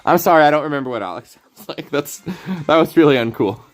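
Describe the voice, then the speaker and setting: A man's voice: a little high, animated, fast talker, soft background music. A man streaming a card game, rambling through casual commentary, playful and laughing often.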